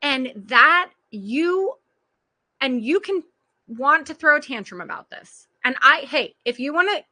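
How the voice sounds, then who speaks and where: Bright high-voiced woman coaching. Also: lively intonation, measured pace. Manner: earnest, direct address to listeners, frequent laughter. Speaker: parenting and life coach. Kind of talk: motivational coaching talk on a group call.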